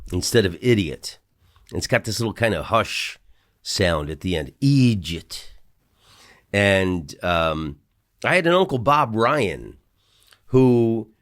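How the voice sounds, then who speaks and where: A middle-aged man from the United States hosting a podcast, telling rambling stories with asides and restarts from a hotel room. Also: fairly low pitch. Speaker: podcast host. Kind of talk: casual storytelling monologue.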